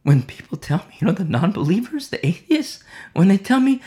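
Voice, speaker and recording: A man's voice: high-pitched, very animated, brisk, darkish tone. A man preaching an informal sermon, impassioned and rambling, with many fillers and repeated phrases.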